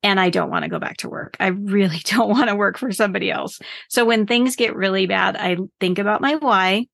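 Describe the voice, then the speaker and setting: Woman coach with gravelly voice. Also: mid-range voice, a little fast, fairly bright tone, no room sound. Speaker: business coach guest. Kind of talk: casual podcast interview.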